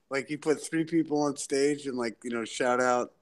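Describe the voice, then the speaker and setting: A man joining a casual livestream chat, rambling excitedly with many filler words. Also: mid-range voice, normal speed. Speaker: guest.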